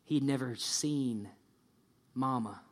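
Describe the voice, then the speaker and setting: A pastor preaching a sermon, telling a story in a lively way and acting out the people in it. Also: male voice, medium pitch, slow. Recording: long church-hall reverb.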